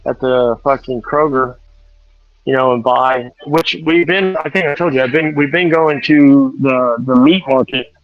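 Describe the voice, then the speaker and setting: A man's voice: medium pitch, a little slow. Casual male streamer, talks on the go in a store, self-correcting, slightly lo-fi phone audio. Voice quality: rambling, corrects himself often. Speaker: truck driver streamer. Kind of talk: casual chat while shopping. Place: large store.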